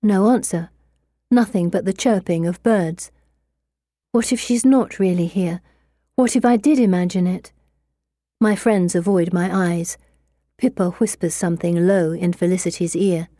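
A woman reading a novel aloud in the first person, measured and expressive. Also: fairly low pitch, no echo, clean studio sound. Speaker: audiobook narrator.

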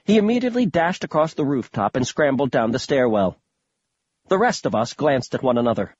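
A man's voice: medium pitch, lively intonation, moderate pace, darkish tone, breathy edge, no room sound, lo-fi sound. A man narrating a story in the first person, with a wry, conversational manner. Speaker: audiobook narrator.

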